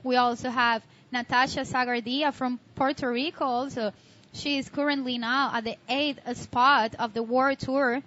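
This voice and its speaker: A woman co-commentating live at a contest, enthusiastic and with halting second-language phrasing. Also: sits high, steady tone, fairly bright tone. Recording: dull lo-fi audio with faint noise.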